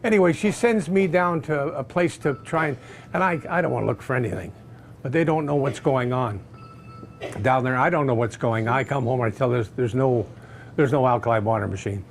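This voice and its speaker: A man telling a personal story casually, animated and acting out other people's voices. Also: medium pitch, brisk, a little hiss or hum. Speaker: customer giving a testimonial.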